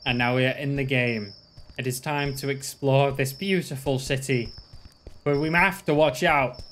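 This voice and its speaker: A man's voice: medium pitch, fairly bright tone, a little hiss or hum. A man hosting a gaming channel, playing a game with joking, self-mocking commentary.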